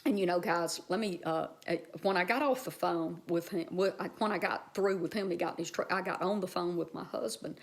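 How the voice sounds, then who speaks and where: A woman's voice: on the low side, brisk, vocal fry, few pauses. A woman vlogger telling a personal story in a casual, heartfelt, rambling way, speaking straight to her viewers.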